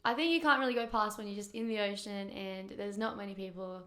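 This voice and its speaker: Bright, chatty young woman. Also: mid-range voice, fairly even intonation, a little fast. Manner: chatty and giggly, many fillers. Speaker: guest, pro surfer. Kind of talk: casual chat.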